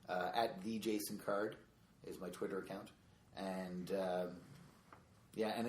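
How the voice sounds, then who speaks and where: A man's voice: low-pitched, a little mellow. A man, a stand-up comedian, chatting casually on a podcast in a rambling way full of fillers. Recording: echoey room with faint noise.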